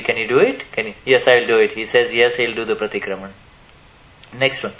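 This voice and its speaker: A man's voice: medium pitch, steady tone, brisk, a bit bright, muffled recording. Hesitant man answering spiritual questions. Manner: hesitant, many restarts, asks the audience questions. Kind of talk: spiritual Q&A talk to a live audience.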